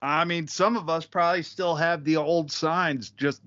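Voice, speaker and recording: Bright-voiced, teasing man on a podcast. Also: a little high, fairly even intonation, unhurried, muffled recording. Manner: teasing, profane, laughs a lot. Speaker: podcast co-host. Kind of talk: casual chat.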